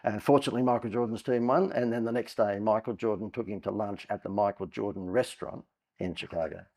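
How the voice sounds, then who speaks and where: A man's voice: fairly low pitch, fast, a little mellow. A man, a guest on a podcast, telling long anecdotes in a chatty way with frequent "uh" fillers. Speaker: guest entrepreneur. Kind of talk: conversational storytelling.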